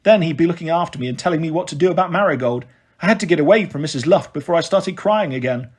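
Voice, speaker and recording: A man reads a children's novel aloud in a steady first-person voice. His voice is high-pitched for a man. It is breathy and a bit husky. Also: fast. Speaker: storyteller.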